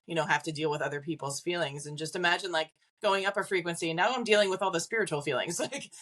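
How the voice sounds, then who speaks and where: A psychic medium appears as a guest on a podcast, speaking fast in a lowish, slightly bright voice. She's casual and chatty, laughing between points, using "like" constantly as filler, and acting out the voices she quotes.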